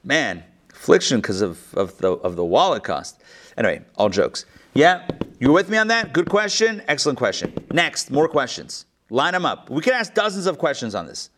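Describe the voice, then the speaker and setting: A man's voice: mid-range voice, moderate pace, a little hiss or hum. A man leading a class through a text, joking with the group and asking them for questions while an online audience follows along. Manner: animated, joking, asks the group many questions. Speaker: teacher leading a text study. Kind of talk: interactive class discussion.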